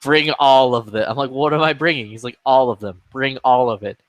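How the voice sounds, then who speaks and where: A man's voice: medium pitch, fairly quick, dry recording. A man chatting casually in a game lobby, telling a rambling story with lots of swearing and acted-out quotes. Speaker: gaming streamer.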